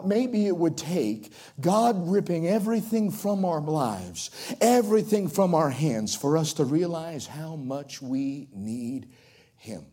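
A male preacher from coastal North Carolina with a Southern accent, delivering a sermon that swings from ringing highs to hushed drops. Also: animated, slow pace, husky. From Outer Banks of North Carolina.

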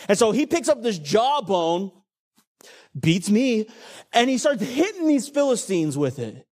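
A man preaching a sermon, retelling a scripture story with animated, dramatic storytelling. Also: extremely high pitch, moderate pace.

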